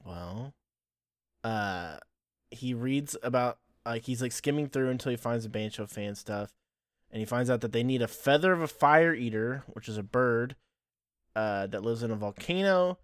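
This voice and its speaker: A man's voice: medium pitch, lively intonation, moderate pace, clear, resonant tone, no echo, clean studio sound. Laughing man recapping episodes. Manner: laughing often, playful storytelling. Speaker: podcast host.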